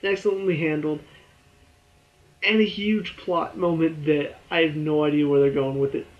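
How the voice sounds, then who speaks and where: A young man giving a rambling, excitable spoken review of a TV show, full of fillers. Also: fairly high pitch, moderate pace, lo-fi sound.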